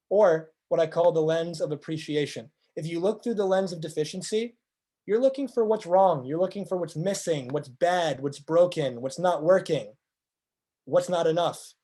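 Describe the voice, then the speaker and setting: A man giving a motivational presentation, speaking earnestly and piling up rhetorical questions. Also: fairly high pitch. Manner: earnest, acts out quoted speakers in lively voices.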